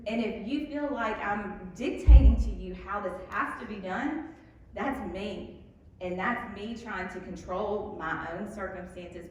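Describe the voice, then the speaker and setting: At a church evening talk, a woman with a medium-pitched voice speaks candidly about faith to a live audience, poking fun at herself with frequent ums and little laughs. The recording comes from a distance in an echoey hall, with slight background noise.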